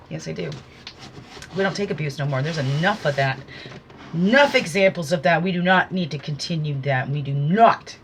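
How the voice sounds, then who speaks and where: A woman's voice: low voice, expressive, moderate pace, a little hiss or hum. A woman talking through an oracle card reading, giving casual, earnest spiritual guidance with preachy asides.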